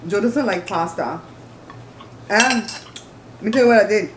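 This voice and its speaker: A talkative woman chats casually to her viewers while eating at her home table. Her voice sits mid-range and rings around a roomy space. Cutlery and dishes clatter clearly behind her. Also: medium pitch, measured pace, noisy background. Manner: chatty, talkative, addresses viewers directly. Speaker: mukbang host. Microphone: camera on the table.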